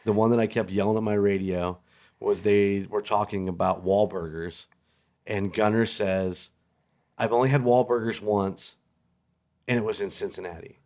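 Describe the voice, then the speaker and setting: A man with a fairly low voice, filling in as a podcast co-host. He chats in an easygoing way and laughs often. He gets animated when a story takes off. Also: moderate pace. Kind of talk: casual podcast chat.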